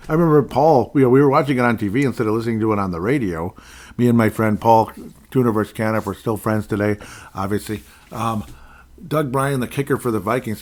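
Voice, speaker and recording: A man talking through a solo sports podcast in a casual, rambling way. His voice sits on the low side, and he keeps stopping to correct himself. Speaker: podcast host.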